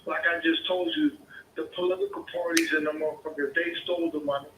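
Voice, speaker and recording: A man's voice: on the high side, fairly even intonation, quick pace, roomy sound, background noise. A man from the Pittsburgh area, arguing heatedly as a caller, profane and combative, repeating himself. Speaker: caller, homeowner. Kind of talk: heated phone argument.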